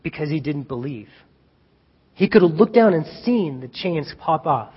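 A male preacher giving an animated sermon, retelling a story and acting out the scenes. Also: on the high side, normal speed, husky. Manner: animated, acts out scenes, chuckles at own jokes. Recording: dull reverberant hall recording.

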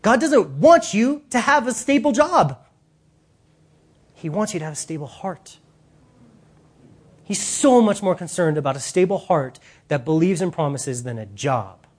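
A man preaching a sermon in an animated, casual way, using slang and acting out voices. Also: sits high, a little slow, long pauses, breathy edge.

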